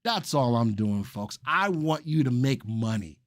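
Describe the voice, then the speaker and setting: A man hosting a live stock analysis webinar, excited and repeating phrases for emphasis while he talks to chat viewers. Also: medium pitch, measured pace, no room sound, studio quality. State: excited and sweating. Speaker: stock market webinar host.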